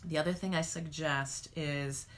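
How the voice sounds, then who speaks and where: A woman teaching a guided meditation, calm and coaching, speaking straight to the viewer. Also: low-pitched, unhurried, noisy background.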